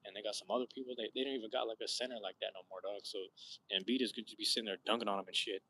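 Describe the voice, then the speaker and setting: A young man chatting casually on a live stream, rambling loosely in slang with frequent swearing and sudden animated outbursts. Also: fairly low pitch, racing, slight background noise, rough recording. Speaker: vlogger chatting with live viewers. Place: outdoors at sunset.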